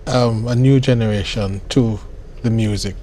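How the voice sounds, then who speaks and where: A man interviewing, asking slow questions with hesitant fillers. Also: lowish voice, steady tone, warm tone. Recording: faint background noise.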